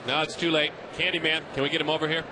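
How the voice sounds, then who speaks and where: A man calling a baseball game play by play, talkative and teasing, with playful asides between pitches. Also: level tone, rapid-fire, background noise. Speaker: play-by-play announcer. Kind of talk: live baseball commentary.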